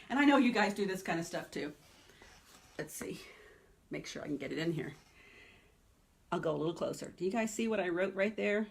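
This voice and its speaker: A woman's voice: fairly low pitch, expressive, normal speed, creaky, long pauses, slight background noise. A woman piano teacher giving a teaching webinar in a chatty, emphatic way, often checking in with "okay?" and "right?".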